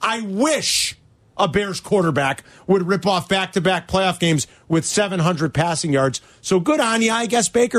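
A man with a high, lively voice that swings widely in pitch. He rants about a game on a sports talk show, piling up rhetorical questions in an exasperated, animated way. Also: measured pace. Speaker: sports radio host.

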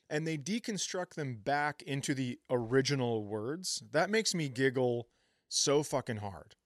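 A man with a slightly high voice tells a story on a comedy podcast, chuckling as he goes and cursing freely. The sound is close and dry. His chat is loose and casual. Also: no echo. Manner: laughing storyteller, swears freely. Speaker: podcast co-host.

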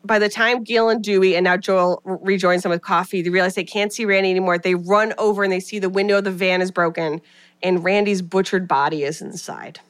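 A woman's voice: medium pitch, fairly even intonation, fairly quick, smooth. A woman co-hosting a podcast, casually retelling a movie plot and acting out the characters' lines, with lots of "like". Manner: chatty retelling with quoted voices, many "like" fillers. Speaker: podcast co-host. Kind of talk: casual movie recap chat.

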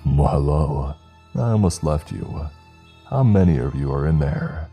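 A man doing a smooth sinister stranger. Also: very deep voice, animated, a little slow, warm tone, soft background music, exaggerated voice. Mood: coaxing. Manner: smooth, coaxing. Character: smiling sinister male stranger at the door.

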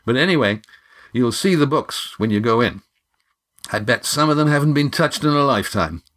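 A man's voice: medium pitch, animated, normal speed, fairly bright tone, voice pushed up, lightly acted. A man voicing an airy, condescending young scholar in a storybook reading.

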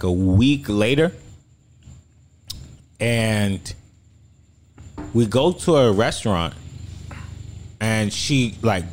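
Low-voiced man telling dating stories. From South Florida. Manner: animated, acts out quotes in shifting voices. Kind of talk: casual storytelling chat.

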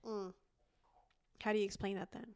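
A woman's voice: mid-range voice, level tone, normal speed, a little mellow, clear, resonant tone, no room sound. A woman in casual podcast chat, teasing and laughing along.

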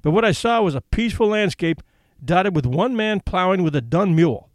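A male narrator with a fairly high voice, reading a comic story with wry, expressive delivery. His pitch moves about animatedly, and the recording is dry and close. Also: brisk, no room sound. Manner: expressive, wry first-person telling. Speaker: audiobook narrator.

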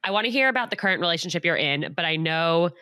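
Chatty woman host, bright voice. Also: on the low side, lively intonation, fast talker, smooth, no echo, clean studio sound. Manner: chatty, uses 'like' a lot. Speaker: podcast host. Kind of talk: casual chat.

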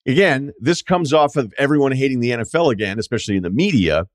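A man's voice: mid-range voice, lively intonation, fast, dry recording, clean studio sound. A middle-aged man hosting a sports podcast, delivering an opinionated, sarcastic monologue with mocking asides. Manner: sarcastic, mocking impressions of others. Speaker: podcast host.

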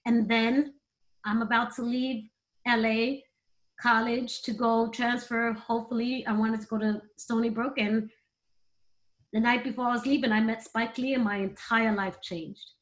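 A woman's voice: fairly high pitch, fairly even intonation, unhurried, low-quality recording. A middle-aged woman, a performer, telling emotional personal stories in a candid, conversational interview. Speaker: guest, performer.

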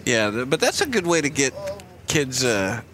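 A man who is a comedian, chatting casually and telling jokes in a drawn-out way. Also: mid-range voice, sing-song, fairly bright tone. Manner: slow, drawn-out joke telling. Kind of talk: casual chat.

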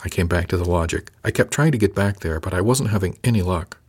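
A man reading a first-person story aloud, calm and measured with a gentle touch. His voice sits on the low side. The telling is even and unhurried. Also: slightly rough. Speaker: audiobook narrator. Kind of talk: first-person audiobook narration.

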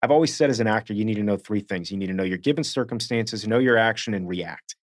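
Animated man with a Northeast US accent. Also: fairly low pitch, fast talker, no echo, studio quality. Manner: animated storyteller, slips into quoted voices. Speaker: podcast co-host, actor. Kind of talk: casual chat.

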